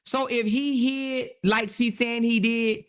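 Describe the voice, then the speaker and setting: A woman's voice: on the high side, steady tone, a little slow. A woman hosting her own show, giving casual commentary on a news story and often repeating herself as she checks in with viewers. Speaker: host.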